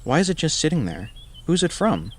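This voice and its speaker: A man's voice: fairly high pitch, sing-song, fairly quick, pitched above the performer's own voice. A man voicing a pushy woman neighbor who pries and speaks bluntly. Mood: prying. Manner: prying, blunt.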